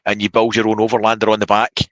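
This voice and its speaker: Man, bright voice, dry close sound, casual guest. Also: fairly low pitch, racing, no echo, dull audio. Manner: relaxed storytelling with fillers. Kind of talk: casual chat.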